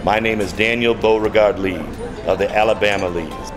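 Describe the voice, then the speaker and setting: Man playing a flowery Southern smooth-talker for a radio soap, deep voice, music playing behind. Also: brisk, lightly acted. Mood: charming. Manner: flowery, flattering. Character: smooth-talking Southern gentleman, adult man.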